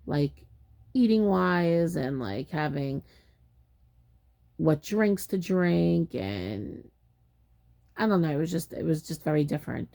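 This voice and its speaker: Gravelly, mellow-voiced woman telling a story. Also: low-pitched, expressive, takes it slowly, pauses often. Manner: chatty, exasperated retelling with acted-out quotes. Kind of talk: casual storytime.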